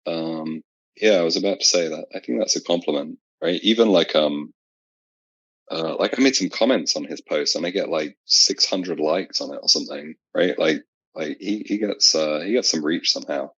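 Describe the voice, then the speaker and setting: A British man with an extremely deep, low voice talks in a halting, relaxed way, full of "uh" and "like". His audio sounds dull and lo-fi, with a dry, close sound and no room echo. He is a guest on a casual podcast. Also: husky. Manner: halting, filler-heavy. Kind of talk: casual chat.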